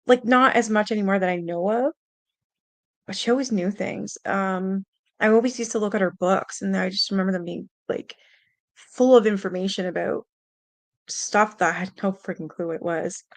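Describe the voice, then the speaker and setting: A woman's voice: mid-range voice, steady tone, normal speed, no echo. A young adult woman hosting a stream, telling a personal ghost story in a rambling, casual way with lots of fillers, mild swearing, and an earnest, spooked tone. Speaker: host.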